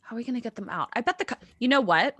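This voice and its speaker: A woman's voice: on the high side, expressive, rapid-fire, fairly bright tone, husky, dry recording. A woman co-hosting a podcast in casual chat, playful and profane, joking about the story. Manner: playful, profane, reacts with jokes. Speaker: podcast co-host.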